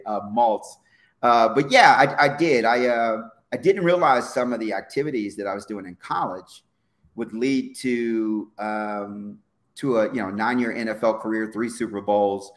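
A middle-aged former football player talking on a podcast in a relaxed, reflective way. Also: male voice, lowish voice. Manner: reflective, lots of fillers and restarts. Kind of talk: casual podcast conversation.

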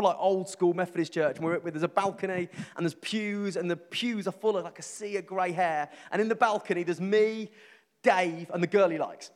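A man with a Birmingham accent preaching a sermon, telling a funny story about a friend with animated, self-mocking delivery. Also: high voice, long reverb tail. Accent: Birmingham English.

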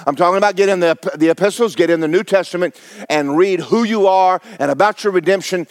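High-pitched fiery pastor. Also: male voice, quick pace, dry recording. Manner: folksy, fiery preaching with repetition and humor. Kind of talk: sermon.

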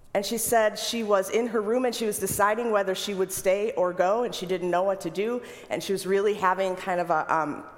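A woman preaching through a story, with vivid, unhurried descriptions and phrases she repeats for effect, in a long reverberant hall. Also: medium pitch. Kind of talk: sermon storytelling.

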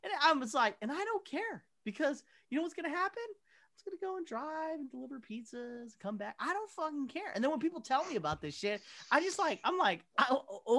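Animated man telling work stories. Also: very high voice, a little fast. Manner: animated storyteller acting out quoted exchanges. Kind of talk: casual chat, storytelling.

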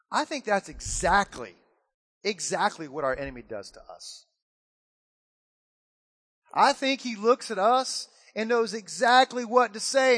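A man's voice: high voice, in a large hall. A man preaching a sermon as pastor, telling a story and acting out its voices. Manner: animated storytelling with acted-out quotes.

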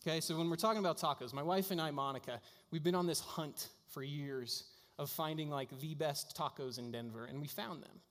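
A man's voice: a little high, a little fast, few pauses, a bit bright. A man preaching a sermon as a pastor, telling stories in a casual way with lots of fillers. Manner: casual storytelling with frequent fillers. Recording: long hall reverb.

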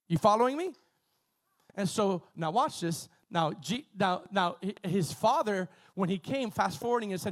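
Guy preaching a sermon, pretty high voice, loose and chatty, keeps repeating himself and checking in w the crowd. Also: normal speed. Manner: animated, conversational preaching with many repetitions and asides. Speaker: pastor.

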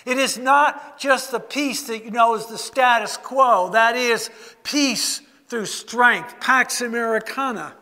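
A man preaches slowly and gently, drawing listeners into a guided meditation with soft, hushed stretches. His voice sits high and unhurried. The sound carries the long reverb of a church sanctuary. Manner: slow guided imagery, soft hushed passages. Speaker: pastor. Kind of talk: sermon.

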